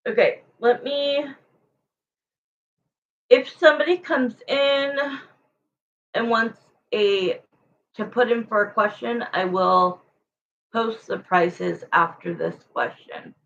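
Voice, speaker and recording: A woman's voice: on the high side, takes it slowly, creaky, long pauses, a bit bright, highs cut off. A woman tarot reader chatting casually and frankly with viewers on a livestream.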